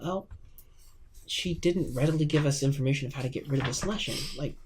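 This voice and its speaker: A man's voice: a little high, fairly quick, noisy background. Cautious man playing a tabletop game. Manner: suspicious, cautious. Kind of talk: casual chat and in-character speech.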